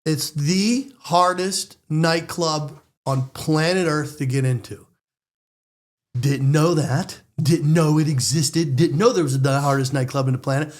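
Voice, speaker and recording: American guy spinning a wild yarn, kinda high voice, all fired up and talking fast. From United States. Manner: lively, excitable, quick bursts of speech. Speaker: storyteller guest. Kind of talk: animated storytelling.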